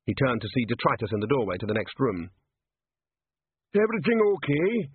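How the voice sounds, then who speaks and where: Man, audiobook narration, husky voice, lively pitch, tinny phone-like sound, dry. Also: quick pace, no room sound. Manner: lively, expressive reading. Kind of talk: scripted narration.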